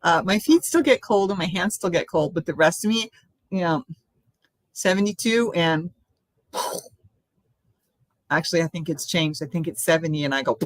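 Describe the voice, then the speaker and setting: A woman's voice: fairly low pitch, lively intonation, moderate pace, long pauses, no room sound. An older woman hosting a casual live stream, chatting in a rambling way from home and laughing often.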